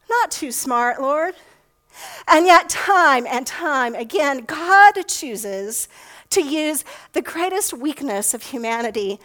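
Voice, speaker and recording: A woman's voice: sits high, a bit bright, poor audio. A middle-aged woman pastor giving a sermon in a conversational way, often asking rhetorical questions.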